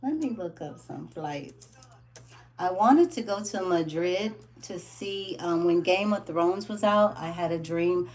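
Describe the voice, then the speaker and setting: A woman in her late fifties chatting casually with viewers on a livestream, in a lively, talkative way. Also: lowish voice, a little slow. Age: late 50s. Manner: chatty and animated, drops into quoted voices.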